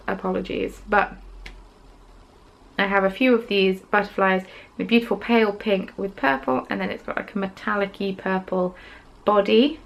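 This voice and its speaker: Chatty woman with a gravelly fry. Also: medium pitch, low-quality recording. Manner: chatty and gushing, with frequent ums. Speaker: craft podcast host. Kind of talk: casual show-and-tell chat.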